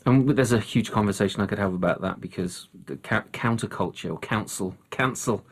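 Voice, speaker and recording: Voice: sits low, brisk, breathy edge. Casting: casual interviewer, stammering restarts, easy laughter. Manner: hesitant, laughs often. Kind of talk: conversational interview.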